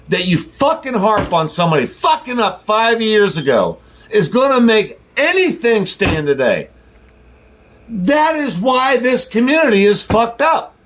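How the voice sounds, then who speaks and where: A man's voice: sits high, a bit bright. A man who drives deliveries, ranting to his viewers in a heated, profane, confrontational way. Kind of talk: heated rant to camera.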